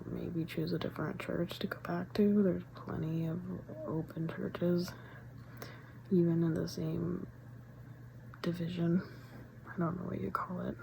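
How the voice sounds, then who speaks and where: Young adult woman vlogger; low-pitched, rambling delivery with whispered asides. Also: gravelly, mellow, a little hiss or hum, poor audio. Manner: rambling with many fillers, often dropping to a whisper. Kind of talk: casual rambling chat.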